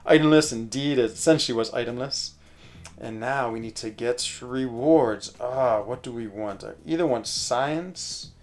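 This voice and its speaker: A man's voice: medium pitch, a little slow. A man live-streaming a mobile game, commenting on his reward pulls and whooping with delight when he gets a champion he wanted. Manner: excitable, whoops and laughs over lucky pulls.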